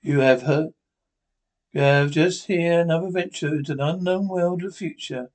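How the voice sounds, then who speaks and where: Man, radio announcer, formal, declamatory, fairly high voice. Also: normal speed, darkish tone.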